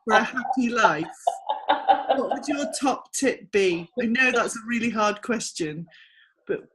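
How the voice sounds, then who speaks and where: Encouraging woman interviewer, fairly high voice. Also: moderate pace, a bit bright. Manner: encouraging, brief affirmations. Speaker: interviewer, host. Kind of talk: casual interview.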